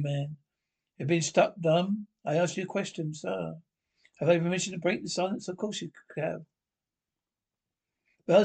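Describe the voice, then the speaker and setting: A man's voice: high-pitched, creaky, darkish tone. Blustering man barking army orders. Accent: British. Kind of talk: 1970s British film comedy acting.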